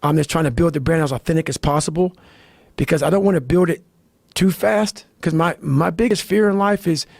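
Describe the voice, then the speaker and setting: Gravelly high-pitched fired-up man. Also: brisk, no echo, clean studio sound. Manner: blunt, swearing constantly, fired-up; sudden swings between growls and shouted bursts. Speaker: motivational speaker. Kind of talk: intense profane monologue.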